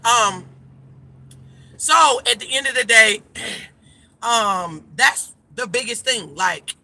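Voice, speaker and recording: Chatty woman vlogger in a car, emphatic and direct, sharp tone with vocal fry. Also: fairly high pitch, animated, slow, dry recording. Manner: emphatic, chatty, addresses viewers as y'all. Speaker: life coach vlogger. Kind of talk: casual direct-to-camera chat.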